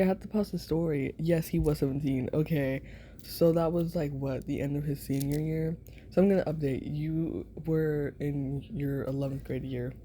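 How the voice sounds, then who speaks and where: Mellow rambling woman, whispered role-play. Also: sits low, steady tone, normal speed, a little hiss or hum. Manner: rambling, giggly, full of fillers. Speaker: ASMR storyteller.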